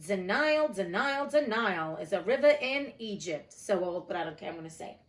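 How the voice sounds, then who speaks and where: A woman's voice: mid-range voice, animated, moderate pace. A woman from New Jersey reading a classic book aloud and breaking off for sassy, blunt commentary. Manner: sassy, blunt, swears casually. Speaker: audiobook reader and commentator. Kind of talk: casual storytime reading with commentary.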